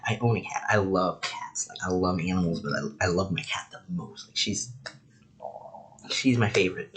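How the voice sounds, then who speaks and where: A man's voice: on the low side, fairly bright tone. A man casually reviewing anime episodes, rambling with lots of "like" and "you know".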